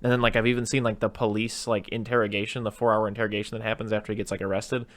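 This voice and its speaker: A man's voice: lowish voice, racing. A man hosting a casual movie podcast, rambling through stories and acting out quotes as he goes. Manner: rambling, animated retelling with put-on quotes. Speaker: podcast host.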